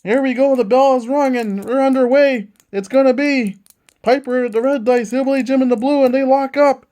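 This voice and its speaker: The host of a tabletop wrestling game announces it ring-style, his very high voice moving at a moderate pace. Full of excitement, he gives play-by-play on every move as it happens.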